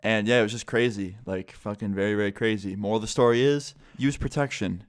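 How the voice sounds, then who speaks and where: A man's voice: lowish voice, fast talker, clean tone. A young man telling a story on his vlog in a laid-back way, swearing and saying "like" constantly. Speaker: YouTuber.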